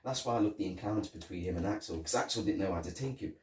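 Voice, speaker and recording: Low-voiced man in an echoey room. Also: rapid-fire. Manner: animated, acts out lines from scenes. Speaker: podcast co-host. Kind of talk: casual film review chat. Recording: echoey room, mic at a distance, faint hiss.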